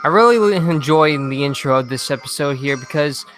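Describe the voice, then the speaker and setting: A man's voice: fairly high pitch, animated, moderate pace, a bit bright, soft background music. A man hosting a reaction video, chatting casually into a handheld mic, rambling and restarting his sentences. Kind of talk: casual commentary. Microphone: handheld microphone.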